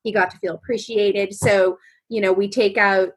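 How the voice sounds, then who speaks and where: A woman guest on a casual podcast, an animated storyteller who keeps adding "right?" and "you know". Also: medium pitch, moderate pace, slightly rough. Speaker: guest, veteran fishing trip volunteer.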